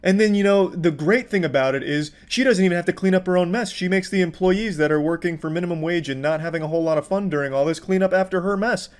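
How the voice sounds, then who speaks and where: A man giving profane, mocking commentary with deadpan sarcasm over video clips. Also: high voice, quick pace, few pauses, smooth.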